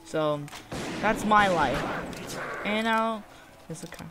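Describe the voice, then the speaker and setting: A woman's voice: lowish voice, unhurried, long pauses, noisy background. A young woman giving casual gameplay commentary while complaining about a shooter game, exasperated and sarcastic. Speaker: gaming youtuber.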